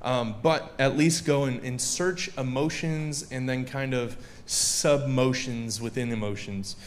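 A man's voice: mid-range voice, fairly even intonation, a little slow, a little hiss or hum. A man giving a sermon in a conversational way, chatting and joking with a live audience.

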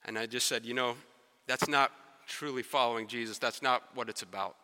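Preacher guy telling a story, bright sharp voice, big echoey hall. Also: medium pitch, a little fast, clear, resonant tone. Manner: animated, acts out quotes and sounds, drops to quiet intensity. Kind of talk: sermon storytelling. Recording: long hall reverb.

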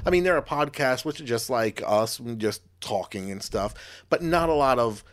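A man's voice: medium pitch, expressive, normal speed, fairly bright tone. A man co-hosting a podcast in casual chat, joking and rambling with lots of fillers. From Long Island, New York. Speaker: podcast co-host.

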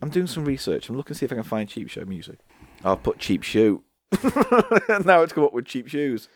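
Lively man bantering on a podcast. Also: medium pitch. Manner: teasing, animated, quick to laugh. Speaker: podcast co-host. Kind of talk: casual comedic banter.

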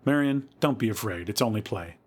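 A man voicing an anxious mother who calls out for her daughter in the dark, with rising, pleading calls. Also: lowish voice, expressive, brisk, slightly rough. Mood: coaxing.

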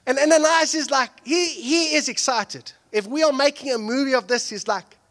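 A pastor preaching a conversational sermon, moving from hushed asides to loud, excited peaks and acting out the people he quotes. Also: very high-pitched, normal speed.

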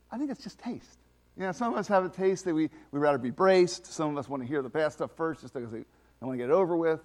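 Male preacher, pretty high voice, all over the place in pitch, punchy then hushed. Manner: emphatic, swings from loud exclamations to quiet asides. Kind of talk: sermon.

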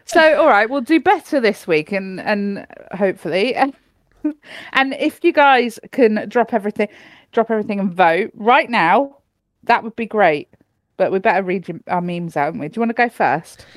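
A woman's voice: mid-range voice, expressive, moderate pace, dry recording. Giggly woman podcast co-host. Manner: giggly, chatty, ranting. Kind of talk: casual chat.

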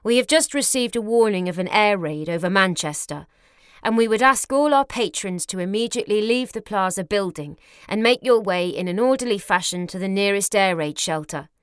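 A woman voicing a calm, formal cinema announcer speaking over a loudspeaker system. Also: medium pitch, moderate pace, clear, resonant tone, dry recording, studio quality, lightly acted.

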